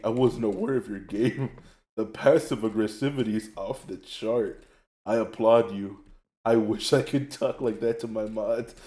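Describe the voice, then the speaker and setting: A young man streaming a game, telling stories in a rambling, animated way and laughing often. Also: medium pitch, roomy sound. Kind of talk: casual chat while gaming.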